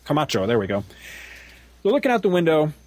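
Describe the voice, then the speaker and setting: A man in his forties, co-hosting a casual comic-book podcast, talks fast in a higher-leaning, darkish voice whose pitch swoops wildly. He rants with profanity and frequent laughter, and there's no echo.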